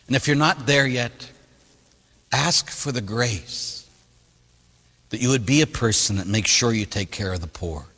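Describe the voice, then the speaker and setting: A man, a priest, giving a sermon and telling stories in an animated way, acting out the people he quotes. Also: mid-range voice, unhurried, long pauses, husky, in a large hall. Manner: animated storytelling, voicing others in quotes.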